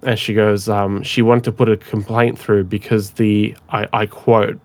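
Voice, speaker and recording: A man's voice: lowish voice, little pitch movement, a little slow, a little mellow. A man co-hosting a podcast over a call, chatting casually and rambling with lots of "like". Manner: rambling, heavy use of "like". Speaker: podcast co-host. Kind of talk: casual chat. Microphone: remote call mic.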